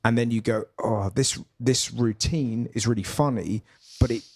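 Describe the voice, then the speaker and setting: A man's voice: mid-range voice, fairly even intonation, normal speed, husky. A man, a guest comedian talking in a reflective, musing way that often trails off and restarts. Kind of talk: casual conversation.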